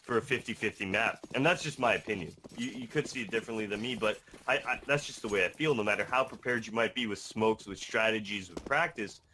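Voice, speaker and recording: A man's voice: on the low side, fast, few pauses, bright, forceful tone, a little hiss or hum. A man commentating an esports match, passionate and opinionated.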